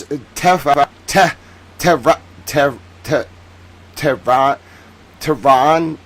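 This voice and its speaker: Theatrical, sarcastic man with a higher voice. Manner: theatrical, sarcastic, swings between booming and muttering. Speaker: host. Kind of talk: livestream news commentary. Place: home studio in Boston.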